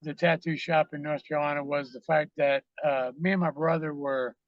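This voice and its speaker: A man's voice: a little high, steady tone, a little fast, dry recording, muffled recording. A man, a podcast guest, telling rambling, profane stories full of fillers in a casual interview.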